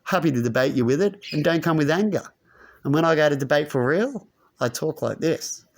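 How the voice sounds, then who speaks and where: Talking fast with lively intonation, a man with a slightly high voice hosts his channel. He rants to camera in a rambling monologue, constantly capping his points with a rhetorical "right?".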